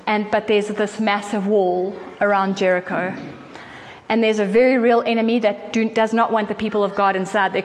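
A woman preaching a sermon in an earnest, conversational way, with quick asides to her listeners. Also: mid-range voice. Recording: faint hall reverb and noise.

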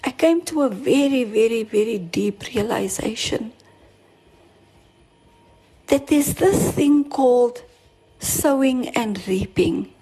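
A woman's voice: on the high side, expressive, slow pace, long pauses, mellow, slightly rough, poor audio. A woman preaching a sermon, telling her own story earnestly, repeating herself as she stresses her points. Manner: earnest, with restarts and rising emphasis. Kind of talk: sermon with personal testimony.

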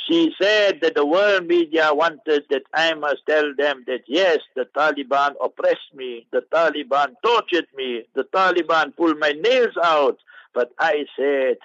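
A South African man with a slightly high voice answers listeners' questions on radio. He talks in a lively, preachy way full of wordplay. The sound is dry and dull, like lo-fi radio. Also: unhurried, no echo. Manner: animated, preachy, playful with wordplay.

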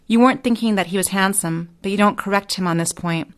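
Woman, novelist, literary reading, measured, even delivery. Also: mid-range voice. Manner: measured, second-person narration. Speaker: novelist reading her fiction.

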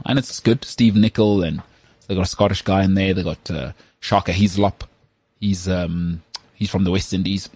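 Husky South African man, opinionated chat. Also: sits low, no echo. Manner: animated, opinionated, mimics accents. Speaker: podcast co-host and voice artist. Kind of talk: casual chat.

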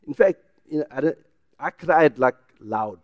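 A man with a South African English accent preaching a sermon in church, swinging from loud emphatic declarations to quiet personal storytelling. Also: fairly high pitch, lively intonation, measured pace, no echo, muffled recording. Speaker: pastor.

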